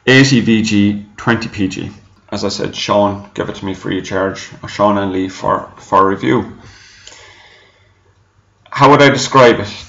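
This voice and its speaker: A man's voice: on the low side, fairly bright tone. A man giving a casual, rambling product review, chatting and correcting himself as he goes. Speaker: e-juice reviewer. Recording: echoey room, dull lo-fi sound.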